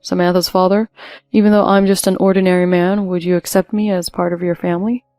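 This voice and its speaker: A woman's voice: fairly low pitch, flat delivery, quick pace, no echo, lightly acted. A woman voicing a composed, polite young groom who stands firm. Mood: earnest. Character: calm, resolute young groom. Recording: dry with soft music behind.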